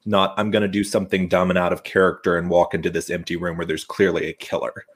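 A woman co-hosting a casual movie podcast, enthusiastic and animated, acting out lines from the film. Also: a bass voice, quick pace, a little hiss or hum. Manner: animated, enthusiastic, acts out quotes. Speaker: podcast co-host.

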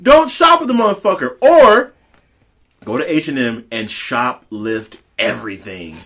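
A man on a podcast delivering a profane, heated rant, swinging between low growls and high shouted bursts. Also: wildly swooping pitch, moderate pace, slight background noise. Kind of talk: profane ranting commentary.

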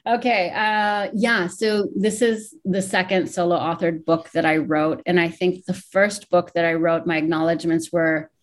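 A woman's voice: lowish voice, fairly even intonation, moderate pace, few pauses. A woman in her forties from Hawaii, an author talking candidly and with emotion in an interview, thinking aloud as she goes. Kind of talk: interview, reflective talk.

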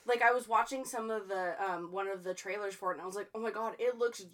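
This podcast co-host, a woman in her thirties, speaks quickly in a mid-range, slightly bright voice. Her talk is casual chat and storytelling, full of fillers.

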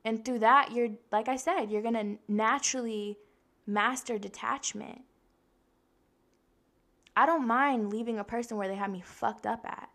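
Young woman, podcast host, casual self-help talk, blunt, swears a lot, fairly high voice. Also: a little slow. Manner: blunt, profane and animated, acting out quoted voices.

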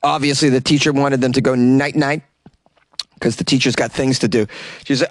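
A man's voice: medium pitch, steady tone, moderate pace, dry recording. A man hosting a comedy news podcast, reading stories and breaking in with sarcastic, mock-outraged jokes and frequent laughs. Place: small closet.

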